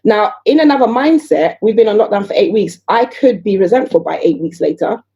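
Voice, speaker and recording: A woman talking as a podcast guest in casual conversation. She is animated, fires off rhetorical questions and acts out other people's voices. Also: mid-range voice, a little fast, highs cut off. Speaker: guest entrepreneur.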